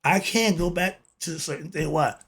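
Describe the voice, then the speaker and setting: A man's voice: fairly high pitch, moderate pace, fairly bright tone, husky. A man talking straight to his listeners as a self-styled teacher, preachy and blunt, with street slang and lots of rhetorical questions. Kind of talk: monologue to camera.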